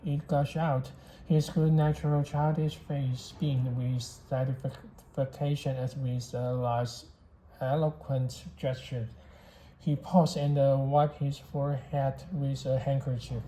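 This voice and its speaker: Steady, flat-voiced story reader. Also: mid-range voice, slow pace. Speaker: audiobook reader. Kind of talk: novel read-aloud. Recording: echoey room, faint background hiss.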